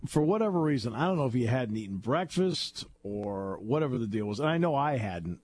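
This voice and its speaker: A man hosting a sports talk radio show, chatting casually and telling animated stories with frequent laughter. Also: medium pitch, brisk. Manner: animated storyteller, laughs often.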